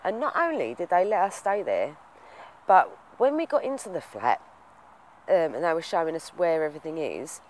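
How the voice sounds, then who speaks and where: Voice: mid-range voice, very animated, normal speed, a little mellow, a little hiss or hum. A vlogger telling a story to camera in a heartfelt, rambling way. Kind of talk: casual storytelling vlog.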